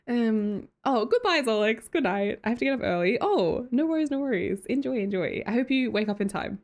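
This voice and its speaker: A woman's voice: fairly high pitch, lively intonation, moderate pace. Bubbly Australian woman streamer. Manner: bubbly, greets chatters, frequent laughs. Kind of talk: casual live-stream chat, reading chat aloud.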